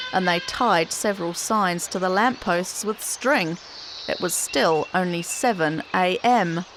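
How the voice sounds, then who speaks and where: A woman reads a children's story aloud, expressive and carefully paced for young listeners. Her voice sits in a comfortable middle range. A steady noise runs clearly behind her in the recording. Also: mid-range voice. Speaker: children's podcast host. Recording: noticeable background noise.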